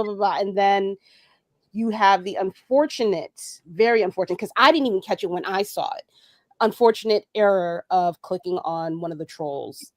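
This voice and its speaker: A woman on a podcast, fired up and swearing freely as she rants about something that made her angry. Her mid-pitched voice comes across dry and close to the mic, with no room sound around it. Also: a little mellow, no echo. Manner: profane, fired-up and emphatic. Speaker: podcast guest. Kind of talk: heated casual podcast rant.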